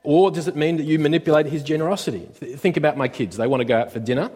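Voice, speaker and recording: Male pastor, sermon, expressive, stop-start phrasing, big reverberant hall. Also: on the high side, rapid-fire, slightly rough. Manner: expressive, with sudden swings between loud and quiet; often hesitates with "uh" and restarts.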